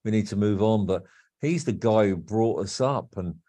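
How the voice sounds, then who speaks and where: A man's voice: fairly low pitch, normal speed, mellow. A man, originally from Wolverhampton, chatting candidly and rambling a little as a podcast guest. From Wolverhampton, England. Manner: rambling, candid, repeats himself. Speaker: guest, band frontman. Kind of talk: casual podcast interview.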